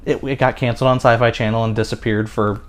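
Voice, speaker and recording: A man's voice: mid-range voice, little pitch movement, quick pace. A man in his thirties co-hosting a podcast in casual chat, rambling with many fillers and restarts. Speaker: podcast co-host.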